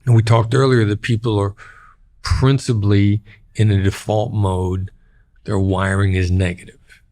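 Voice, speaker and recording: A man's voice: lowish voice, little pitch movement, measured pace, darkish tone. A middle-aged man, a former hostage negotiator, speaking as a podcast interview guest in a plain-spoken way and repeating key phrases for emphasis.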